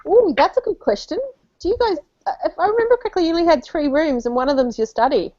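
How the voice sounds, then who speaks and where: A woman's voice: sits high, animated, quick pace, dark tone. A woman in casual podcast chat, reassuring her friend and offering practical suggestions. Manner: reassuring, supportive listener. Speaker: podcast co-host. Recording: slightly muffled lo-fi audio.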